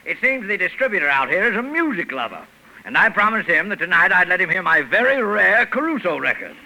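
An actor playing a pompous male supermarket owner who delivers dry, drawn-out sarcasm, in a 1940s radio comedy. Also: high-pitched, sing-song, pushed and bright, exaggerated voice, poor audio. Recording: hissy old radio broadcast.

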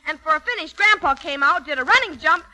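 A woman's voice: sits high, expressive, fast talker, bright, forceful tone, poor audio. A woman guest trading bubbly, brassy wisecracks in 1940s radio variety banter. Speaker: guest singer and comedian. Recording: 1940s radio broadcast with band music.

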